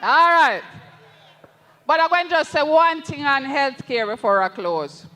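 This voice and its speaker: A high-pitched, bright Jamaican voice delivers a fervent campaign rally speech, unhurried and deliberate, dropping into patois as it rallies the comrades. The sound rings with a long reverb through the rally PA. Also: lively intonation, soft background music. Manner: impassioned, addresses the crowd as comrades, slips into patois. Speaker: political candidate at a rally.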